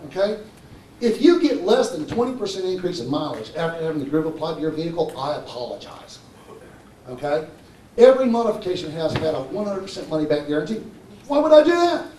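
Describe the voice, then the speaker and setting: A man's voice: a little high, sing-song, fairly quick, warm tone, a little hiss or hum. A man giving a live conference talk, persuasive and constantly checking in with his audience. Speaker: conference presenter. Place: conference hall. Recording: roomy hall from far off.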